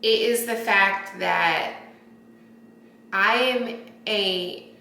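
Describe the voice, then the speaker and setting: A woman's voice: mid-range voice, extremely slow, gravelly, pushed and bright. A woman vlogging to her camera, gushing and exclamatory as she unboxes and chats to viewers as y'all. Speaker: lifestyle vlogger. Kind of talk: excited unboxing chat to camera. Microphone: camera mic. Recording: roomy echo with faint noise.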